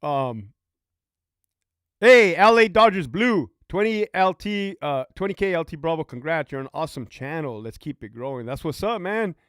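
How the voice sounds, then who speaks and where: A man's voice: on the high side, lively intonation, moderate pace, fairly bright tone, clear, resonant tone, no echo, studio quality. A man hosting a casual livestream, talking profanely and reading out viewer comments. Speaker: livestream host, former prison officer.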